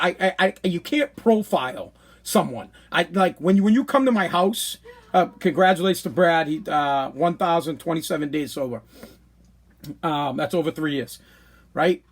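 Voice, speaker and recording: Casting: male podcast host, slightly high voice, rambling and animated, trips over repeated words mid-story. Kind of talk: casual storytelling monologue.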